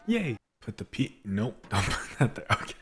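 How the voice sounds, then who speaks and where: A gameplay streamer chats casually as he plays, reading in-game notes aloud, laughing often and restarting lines. His voice is lowish and fairly bright, with a steady tone at normal speed.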